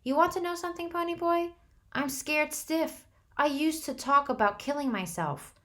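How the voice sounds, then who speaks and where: A woman's voice: moderate pace, natural voice. A woman reading the part of a badly hurt, frightened teenage boy, his voice shaky and pleading. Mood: scared. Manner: shaky, pleading, rising into high breaks.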